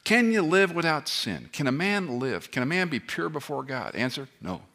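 A man in his fifties preaching with fervor, his bright, ringing voice leaping across a wide, animated range. He swings from near-shouts down to hushed murmurs and breaks in with self-mocking asides. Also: a little high, moderate pace. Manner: impassioned, swings from loud cries to hushed near-whispers. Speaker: pastor. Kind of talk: sermon.

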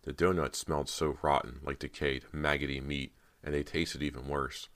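A man narrating a horror audiobook in a steady storytelling manner. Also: a bass voice, normal speed, no room sound.

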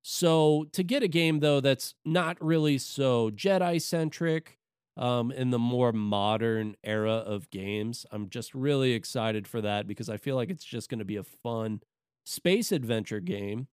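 A man's voice: medium pitch, unhurried, a little mellow, smooth, no room sound, clean studio sound. A man co-hosting a podcast, chatting casually about video games with lots of fillers and restarts. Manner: rambling, with many fillers and restarts. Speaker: podcast co-host.

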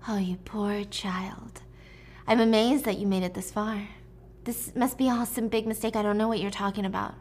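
A woman voicing a cold, scheming middle-aged female politician who speaks softly and condescendingly. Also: medium pitch, fairly even intonation, moderate pace, natural voice. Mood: icy, hushed. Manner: soft, hushed and condescending.

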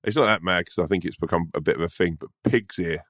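A man's voice: low voice, fast, a bit bright, no room sound, clean studio sound. A man, chatting casually on a podcast, rambling and laughing often. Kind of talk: casual banter.

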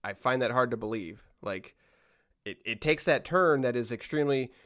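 Male podcast host, mid pitch, rambling casual delivery full of restarts. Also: moderate pace, fairly bright tone. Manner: rambling, with frequent restarts and trailing-off asides.

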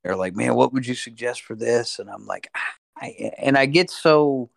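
A man, a podcast guest, in casual chat and explaining things in a relaxed way. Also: mid-range voice, normal speed, creaky, no room sound, studio quality. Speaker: podcast guest, fishing industry sales director.

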